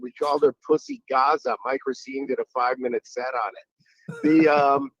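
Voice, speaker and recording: Guest comedian, male, gravelly and lively, crude storyteller who keeps jumping into voices, dull dry audio. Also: mid-range voice, no room sound. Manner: crude, animated storytelling with quick voice switches. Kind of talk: casual podcast chat.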